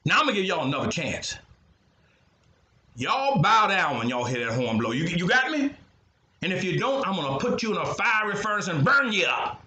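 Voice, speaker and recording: An old man shouting as a furious ancient king. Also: sits high, very animated, normal speed, roomy sound, heavily acted. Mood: threatening. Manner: shouting, blustering.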